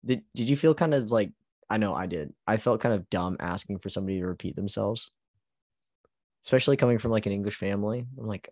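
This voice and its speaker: A man's voice: lowish voice, quick pace, darkish tone, no echo, studio quality. A man co-hosting a podcast in casual chat, laughing often and leaning on "like". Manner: laughs often, heavy use of "like". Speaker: podcast co-host.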